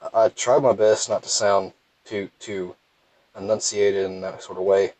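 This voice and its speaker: A man's voice: on the low side, little pitch movement, a little slow, a little mellow, dry recording, low-quality recording. A young man with a thick Southern US accent, rambling and self-deprecating as he comments casually on his gameplay. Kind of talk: casual let's play commentary.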